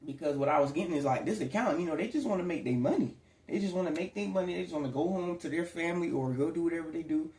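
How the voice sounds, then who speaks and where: A man's voice: a little high, racing, a little mellow. A man giving a casual, rambling tarot reading to his audience. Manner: rambling, conversational, slips into acted quotes. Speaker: tarot reader. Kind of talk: casual spiritual reading to camera. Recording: echoey room.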